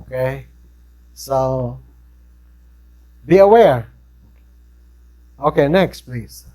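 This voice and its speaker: Slow-talking Filipino man teaching a class. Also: mid-range voice, animated, warm tone, rough recording. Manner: conversational, keeps checking in with "right?". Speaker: instructor. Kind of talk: classroom lecture.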